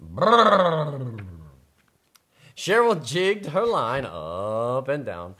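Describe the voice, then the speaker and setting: A woman co-hosting a relaxed bilingual chat and reading a children's story aloud, laughing and playful. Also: low-pitched, measured pace. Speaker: co-host and story reader.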